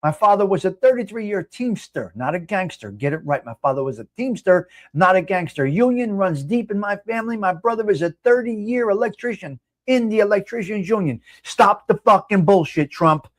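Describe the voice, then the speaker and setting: Furious cursing New man, high-pitched. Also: lively intonation, a little fast, few pauses, no room sound. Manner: angry, profane, shouting at times. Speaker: livestream host. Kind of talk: heated livestream rant.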